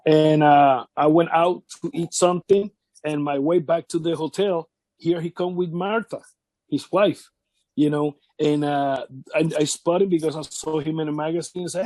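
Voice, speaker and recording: Dark-voiced man telling wrestling stories. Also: a little high, normal speed, no room sound. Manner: animated anecdotes, non-native English grammar. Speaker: interview guest, former wrestler. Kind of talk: shoot interview storytelling.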